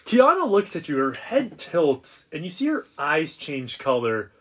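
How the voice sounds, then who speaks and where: A man narrating as game master of a tabletop role-playing game in a casual, animated way. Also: on the high side, unhurried, husky. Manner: casual, animated scene-setting.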